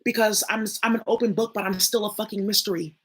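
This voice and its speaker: Profane, bright-voiced young woman ranting. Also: mid-range voice, fairly even intonation, fast, breathy edge. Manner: blunt, profane and emphatic, addresses viewers directly. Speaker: spiritual reader and channel host. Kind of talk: casual spoken monologue.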